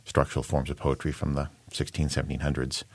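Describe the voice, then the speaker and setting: This man has an extremely low, deep voice and speaks in a thoughtful, measured way, often pausing with an um as he explains. He is a poet and translator being interviewed. The sound is dry and close, with no room around it. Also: completely flat delivery, no room sound. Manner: thoughtful, measured, with frequent ums. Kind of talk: interview conversation.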